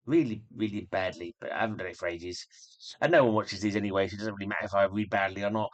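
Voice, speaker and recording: A man's voice: lowish voice, fast, no room sound. A man reading a comic book aloud for his channel, breaking off into casual, self-deprecating asides.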